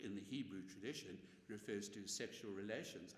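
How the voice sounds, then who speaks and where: A man's voice: fairly low pitch, normal speed, hardly any pauses. A man, a priest, giving a conversational Bible lecture and often tagging his points with "eh?". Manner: animated, conversational, tag questions with "eh". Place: church or parish hall. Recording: echoey hall from far off.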